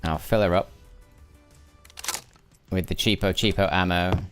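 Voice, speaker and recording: A middle-aged man with a northern English accent, its edges softened into a mixed blend, talks through a game as he plays. His voice sits deep and low, and he muses aloud, answering viewers between moves. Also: steady tone, measured pace, over music. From Lancashire, England. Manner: musing aloud, chatting with viewers while playing. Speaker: gaming streamer. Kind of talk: live gameplay commentary.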